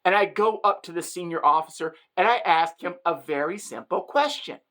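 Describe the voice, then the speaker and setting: Bright, animated woman telling a story. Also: lowish voice, normal speed. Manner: animated, emphatic, joking. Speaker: vlogger. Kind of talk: comic storytelling monologue.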